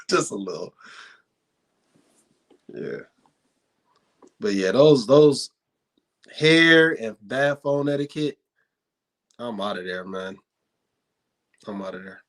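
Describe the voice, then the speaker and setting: Animated, swearing man telling stories. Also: fairly low pitch, takes it slowly, long pauses. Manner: animated, profane storytelling, emphatic repetition. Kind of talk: casual podcast chat.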